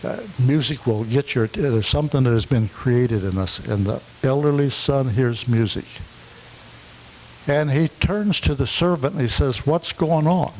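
A man preaching a sermon, his voice sitting at an ordinary middle pitch. He tells a parable in a storytelling way, voicing the characters and often restarting his words. A faint hiss runs under the recording. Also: measured pace, a little mellow, low-quality recording. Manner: retells a parable, acting out the characters, with frequent restarts.

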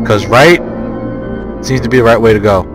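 A man's voice: medium pitch, moderate pace, over music. Jokey, panicky male gamer. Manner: jokey, panicky shouting outbursts. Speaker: let's play gamer. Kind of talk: gameplay commentary.

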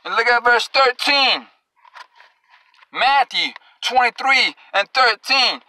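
A man's voice: extremely high pitch, lively intonation, slow pace, bright, forceful tone, low-quality recording. A male preacher delivering an angry, confrontational sermon, scolding and cursing at his listeners and drawing out scripture verses for emphasis.

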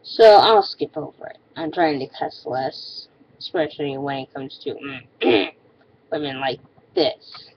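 A woman's voice: deep voice, lively intonation, slow, gravelly, slightly rough, muffled recording. A woman ranting in a casual vlog, exasperated and sarcastic, often stopping and restarting her sentences. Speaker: vlogger.

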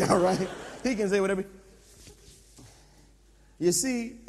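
A middle-aged male pastor preaching a sermon, telling a personal story in an animated, self-mocking way at a church camp tent. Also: high voice. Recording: long reverb in a large tent, mini disc recording.

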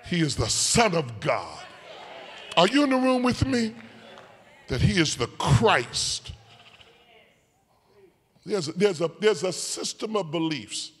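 Preaching bishop in a reverberant church. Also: male voice, high-pitched, big pitch swings, takes it slowly, long pauses, slightly rough. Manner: call-and-response preaching, swinging from soft to shouted; sing-song whooping cadence. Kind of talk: sermon. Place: church sanctuary. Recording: long church hall reverb.

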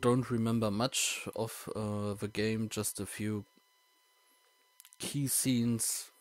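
Hesitant German-accented gamer, slow talk. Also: male voice, lowish voice, flat delivery, soft background music. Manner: hesitant, many ums, unsure of his English. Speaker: let's player. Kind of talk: casual gaming commentary.

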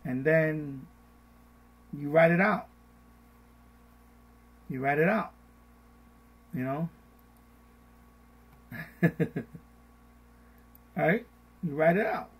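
A middle-aged man hosting a finance live stream, repeating his points in a casual, animated way and mimicking panicked voices. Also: fairly high pitch, drawn-out words, long pauses, breathy edge, rough recording.

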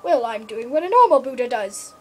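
A woman's voice: fairly high pitch, expressive, brisk, a bit bright, pitched below the performer's own voice. A woman voicing a silly male toy Buddha who makes up goofy rhyming raps. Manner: goofy, sing-song rhyming.

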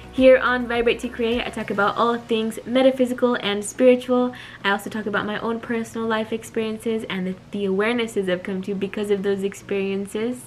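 A woman hosting her own channel, chatting straight to her viewers as she introduces a reaction video. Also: fairly high pitch. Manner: chatty, addressing viewers directly. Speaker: channel host.

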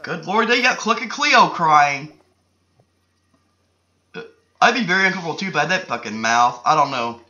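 A woman's voice: deep voice, lively intonation, moderate pace, long pauses, sharp tone, far from the mic, muffled recording. A woman giving crude, exasperated comedic commentary over a game video. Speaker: machinima creator.

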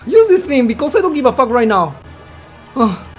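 A gaming channel host giving let's play commentary, swearing constantly and yelling at the game. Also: high-pitched, very animated, moderate pace. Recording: loud game music behind.

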